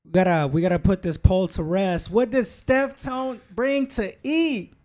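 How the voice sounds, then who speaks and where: A man's voice: high voice, measured pace, darkish tone. A man running the sound board of a podcast, calling out from away from the microphone. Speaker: board operator. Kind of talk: casual chat.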